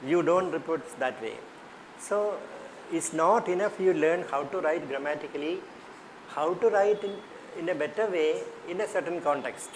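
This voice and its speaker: A man's voice: on the high side, normal speed, a little hiss or hum, low-quality recording. A man with an Indian English accent leading a teacher workshop, questioning the class and repeating his points. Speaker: teacher trainer.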